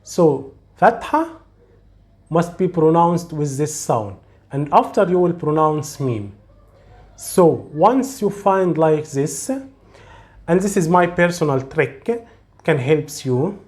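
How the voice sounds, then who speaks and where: Slow, patient male teacher. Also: on the high side, lively intonation, a little mellow. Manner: slow, patient, demonstrates sounds and repeats them. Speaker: Arabic teacher. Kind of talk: slow, step-by-step recitation lesson.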